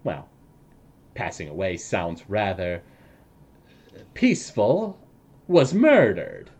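Man, game master, hesitant, joking, slow, animated pitch. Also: breathy edge. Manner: hesitant, many fillers, joking. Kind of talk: narrating a tabletop game.

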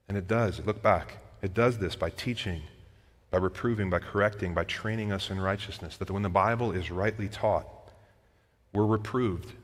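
A male pastor preaching a sermon to his congregation, earnest and direct, swinging from loud urgent appeals to quiet low passages, with casual asides. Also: big-room sound. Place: church sanctuary.

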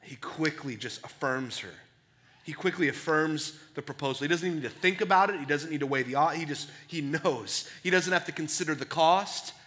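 A man's voice: a little high, brisk. Earnest male pastor preaching a sermon. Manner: earnest, asks "right?" often; swings between hushed and loud, excited.

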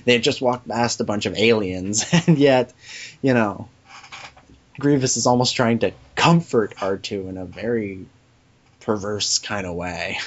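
A man's voice: on the low side, a little slow. A man hosting a podcast in casual chat, hesitant, with restarts and laughs. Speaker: podcast host. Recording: dull lo-fi sound.

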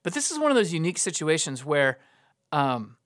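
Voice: medium pitch, very animated, a little fast, a bit bright, dry recording. Informal preacher, dry close sound. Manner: informal, repeats and restarts words, acts out quoted lines. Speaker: pastor. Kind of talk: conversational sermon.

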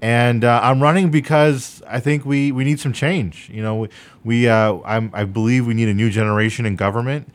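A man's voice: medium pitch, steady tone. A young man running for state senate, answering interview questions earnestly with many fillers. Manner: earnest, measured with frequent fillers.

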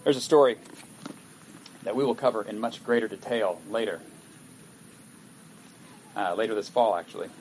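A man's voice: on the low side, normal speed, pauses often, darkish tone, a little hiss or hum, poor audio. A male pastor giving a sermon in a conversational way, reading scripture aloud and breaking off to comment on it. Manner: conversational, reads scripture aloud with acted asides.

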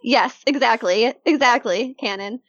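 A woman co-hosting a casual true-crime podcast, telling the case in a chatty, animated way with lots of fillers. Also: fairly high pitch, unhurried, dry recording, lo-fi sound.

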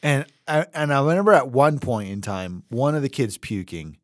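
Animated laughing man in casual chat. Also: mid-range voice, moderate pace, dry recording, studio quality. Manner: animated, laughing, mimics voices when telling stories. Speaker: podcast co-host.

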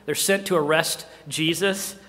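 A middle-aged man preaching a sermon in a conversational way, often dropping to a hushed voice for emphasis and asking the listeners rhetorical questions. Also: a little high, fairly even intonation, measured pace, in a large hall. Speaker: pastor.

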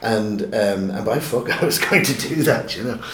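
Low-voiced man telling a rambling story. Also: expressive, moderate pace, fairly bright tone, slight background noise. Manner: rambling, self-mocking, with restarts. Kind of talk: casual storytelling in conversation. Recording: roomy echo.

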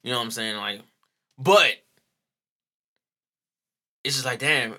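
Animated bright-voiced man in casual chat. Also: medium pitch, takes it slowly. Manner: animated, profane, laughs a lot, acts out quotes.

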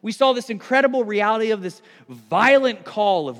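A man preaching a sermon, retelling a scripture story with animated, excited delivery and frequent restarts. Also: sits high, normal speed, hardly any pauses, long reverb tail. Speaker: pastor.

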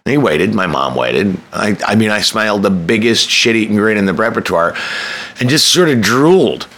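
A man's voice: fairly low pitch, animated, normal speed, a bit bright. A man telling a candid, self-mocking personal story, swearing freely and breaking into sudden emphatic bursts.

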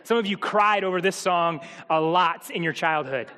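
The voice sits high and sounds pushed and bright, moving at normal speed. He is a pastor giving a humorous, conversational sermon directly to his congregation, captured with long reverb in a church hall.

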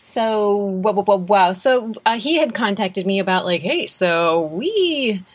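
A woman composer, a guest on a podcast, chatting in a rambling, animated way and often laughing. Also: mid-range voice, moderate pace. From USA. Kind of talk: casual conversation.

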